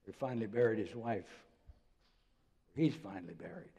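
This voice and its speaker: Older man, pastor, mellow, storytelling sermon, reverberant church sound. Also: lowish voice, animated, normal speed, husky. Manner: conversational storytelling preacher, drops to soft voice for quotes. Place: church sanctuary.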